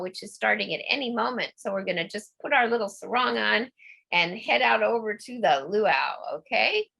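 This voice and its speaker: Laughter yoga instructor, middle-aged woman: lively pitch, slight vocal fry, playful and coaxing. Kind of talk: guided laughter exercise class.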